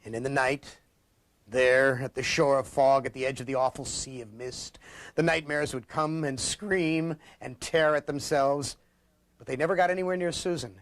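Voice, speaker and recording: A man in his late fifties from Ohio, reading his own story aloud and then giving sardonic commentary in a dramatic, expressive way. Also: mid-range voice, moderate pace, no room sound. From Ohio, USA. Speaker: host and author.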